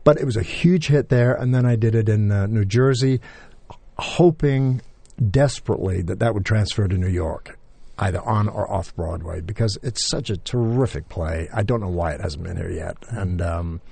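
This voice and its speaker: An older male actor reminisces in a relaxed interview, circling back and restarting his thoughts. His voice sits low and mellow, and the recording is dry and close. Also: moderate pace, gravelly, slightly rough, no room sound. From England. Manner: rambling, many restarts and fillers. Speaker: actor guest. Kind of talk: casual interview storytelling.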